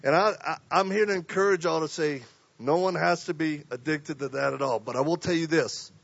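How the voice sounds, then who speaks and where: Preacher guy, high-ish gravelly voice, dry dull lo-fi sound, acts out stories. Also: fairly quick, dry recording. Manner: storytelling, acts out voices, swings from quiet to loud. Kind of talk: sermon.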